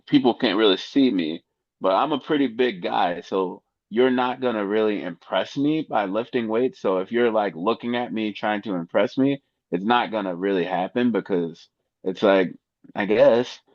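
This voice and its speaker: A man's voice: fairly low pitch, a little slow, no echo, highs cut off. A man co-hosting a casual podcast, rambling with laughs and slipping into mock voices, with a slightly nasal voice. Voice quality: a little nasal. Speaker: podcast co-host.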